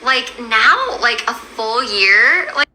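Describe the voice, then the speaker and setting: High, gushing woman full of likes. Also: expressive, slow pace, pushed and bright, slight background noise, poor audio. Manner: gushing, filler-heavy, says like a lot. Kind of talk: excited vlog chat.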